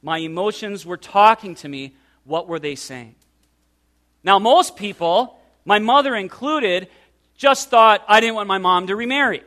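A man preaching an earnest pastoral sermon, slowing down to stress key words and speaking directly to his listeners. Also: high-pitched, sharp tone. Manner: earnest, pastoral, slows for emphasis.

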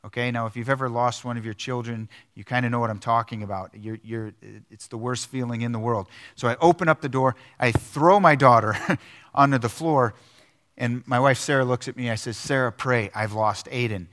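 Middle-aged guy preaching a sermon in church, earnest, lots of restarts and fillers, mid pitch. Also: fairly even intonation, brisk, fairly bright tone. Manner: earnest storytelling with frequent restarts and filler words. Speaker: pastor. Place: church sanctuary.

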